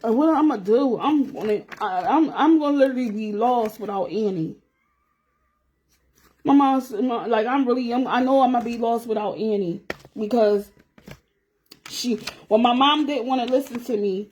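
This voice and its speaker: Chatty woman in her forties, slightly high. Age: 40s. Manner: chatty and candid, addresses viewers directly; while doing her nails. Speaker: livestreamer. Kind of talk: casual chat on a livestream.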